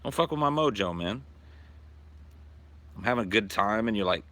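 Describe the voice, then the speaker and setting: Profane, bright-voiced male streamer. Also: fairly low pitch, animated, normal speed. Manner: loose, profane, rambling. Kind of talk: casual livestream chat. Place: backyard at night, outdoors.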